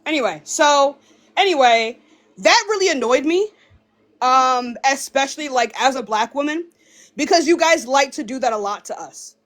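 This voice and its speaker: Young woman streamer with a high, animated voice, spitting profane insults in a live rant. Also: normal speed. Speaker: livestreamer.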